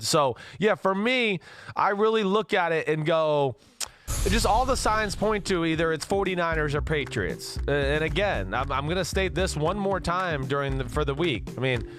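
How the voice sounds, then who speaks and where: A middle-aged man and former quarterback co-hosting a casual sports talk show, rambling with many fillers and restarts. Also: high-pitched.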